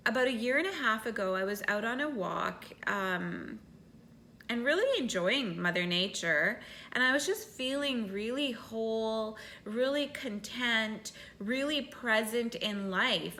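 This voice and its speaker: A woman's voice: on the high side, pushed and bright. A woman telling a personal spiritual story in a candid, casual monologue, swearing freely as she talks. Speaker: spiritual vlogger.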